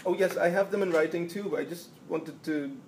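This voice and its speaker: A man's voice: fairly high pitch, fairly quick, darkish tone, rough recording. A man moderating an online seminar, polite, reading out a question. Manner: polite, reads questions aloud.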